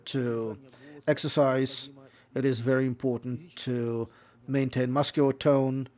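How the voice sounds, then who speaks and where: A man delivering a lecture as a voice-over, in a measured explanatory way, often restating points and correcting himself mid-phrase. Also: medium pitch, darkish tone. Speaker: lecturer on interpreting.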